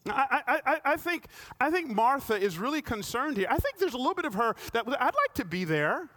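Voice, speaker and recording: A pastor delivers a sermon in a notably high voice for a man. He tells stories and presses his congregation with rhetorical questions. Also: lively intonation, fairly quick, a bit bright.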